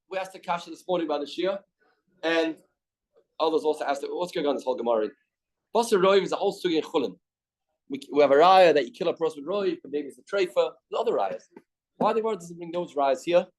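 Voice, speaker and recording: Man, Canadian accent, Talmud teacher, fairly high voice, reads Aramaic and explains in English, repeats key phrases. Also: low-quality recording. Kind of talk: daily Talmud class.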